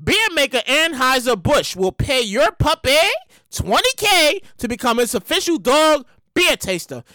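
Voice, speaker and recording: Animated, high-voiced slangy show host. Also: a little slow, dry recording, clean studio sound. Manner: animated, rambling, repeats lines, curses freely; slangy, conversational delivery. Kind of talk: casual celebrity news commentary.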